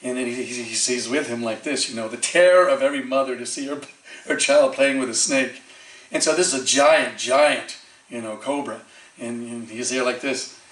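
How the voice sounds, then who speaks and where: A man's voice: medium pitch, moderate pace. Man telling temple stories in echoey hall. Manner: animated storyteller acting out quoted voices, frequent fillers. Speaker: temple speaker. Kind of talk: storytelling sermon. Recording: echoey hall, distant mic.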